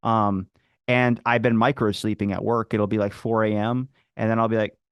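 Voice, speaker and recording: A man's voice: fairly low pitch, level tone, moderate pace, clean tone, dry recording. Man rambling through a story, dry sound. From Philadelphia area. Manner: rambling anecdotes, acts out quoted people. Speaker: podcast guest. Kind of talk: casual storytelling.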